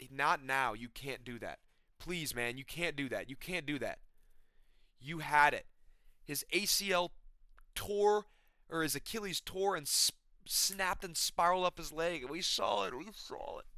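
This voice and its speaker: A man's voice: mid-range voice, sharp tone, clean tone, dry recording, clean studio sound. A young man on his own channel, ranting about a fight in an exasperated, swearing way and repeating himself. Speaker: MMA commentator. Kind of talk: emotional rant. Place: his apartment.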